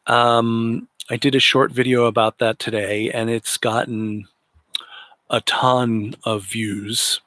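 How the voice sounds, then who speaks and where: A man's voice: medium pitch, little pitch movement, slow, sharp tone, no room sound. A man hosting a political commentary livestream, talking in an indignant, sarcastic way. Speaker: livestream host.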